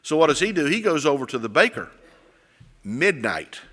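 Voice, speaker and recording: A man delivering a sermon with a bright, lively, fairly high voice that climbs and falls as he tells the story. He acts out voices and breaks into shouts. His voice rings through a hall with a long reverb. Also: moderate pace. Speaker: preacher.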